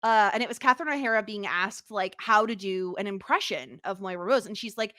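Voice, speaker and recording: A woman's voice: a little high, expressive, brisk, hardly any pauses, a bit bright, dry recording, studio quality. A woman co-hosting a podcast in casual chat, talking loosely with many fillers and easy laughter. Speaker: podcast co-host.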